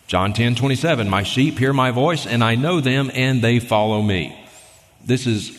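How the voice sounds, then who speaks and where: A man preaching a sermon in an emphatic, argumentative way, reading scripture aloud and pressing his points. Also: fairly low pitch. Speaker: guest preacher. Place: church sanctuary. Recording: long reverb of a large hall.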